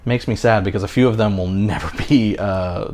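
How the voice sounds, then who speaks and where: A man's voice: fairly low pitch, fairly quick, a little mellow, slight background noise. A man in his thirties co-hosting a podcast in casual chat, rambling with many fillers and restarts. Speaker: podcast co-host.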